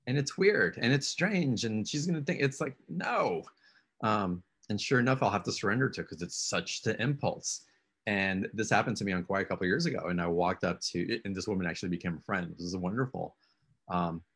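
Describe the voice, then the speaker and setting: Low husky man, encouraging. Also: normal speed, a bit bright. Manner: encouraging, coaxing questions. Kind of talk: casual spiritual coaching chat.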